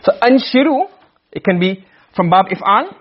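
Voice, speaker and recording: Guy teaching arabic grammar, keeps quizzing the class, kinda husky voice, dull lo-fi recording. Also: high voice, big pitch swings. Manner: asks the class questions and answers them himself; recites Arabic verses slowly. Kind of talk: classroom lecture.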